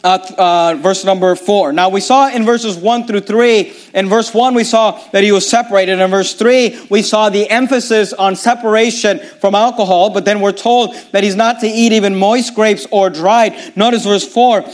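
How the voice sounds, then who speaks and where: A man with a high-pitched voice preaches a sermon. He talks emphatically, reads scripture verses aloud and pushes his listeners with rhetorical questions. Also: steady tone, normal speed, hardly any pauses.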